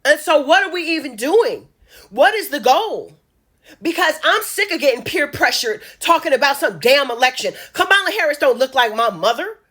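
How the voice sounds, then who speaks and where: A woman's voice: high-pitched, very animated, moderate pace, pushed and bright. A woman from Chicago giving an impassioned, emphatic monologue straight to her audience, hammering her points with repetition. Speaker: social media commentator.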